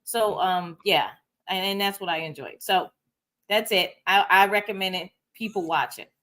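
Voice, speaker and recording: Female panelist, bright clear tone, earnest, lots of ums. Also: medium pitch, moderate pace. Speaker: panel reviewer. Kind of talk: casual panel review chat.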